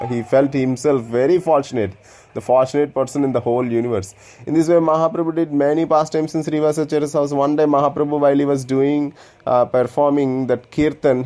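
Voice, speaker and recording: Mellow-voiced man telling a devotional story. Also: mid-range voice. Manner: earnest, reverent, loose non-native grammar. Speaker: devotional speaker.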